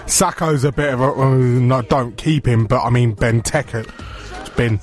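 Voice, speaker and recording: A man's voice: medium pitch, unhurried, faint music behind. A man hosting a sports radio show in casual studio banter, chatty and teasing, laughing often.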